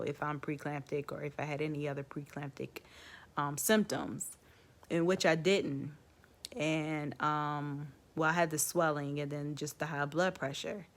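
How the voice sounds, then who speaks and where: A woman vlogger casually telling her own story to the camera, chatty, with lots of "like" and "um". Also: low-pitched.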